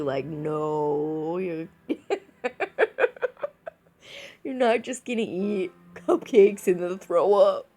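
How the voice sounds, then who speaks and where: A tipsy woman chatting loosely to her camera, laughing between phrases as she rambles. Her voice swings lively up and down while she talks slowly and lazily. Soft music plays faintly behind her. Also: mid-range voice. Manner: giggly, rambling, laughs often between words. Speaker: vlogger. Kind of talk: casual rambling chat to camera.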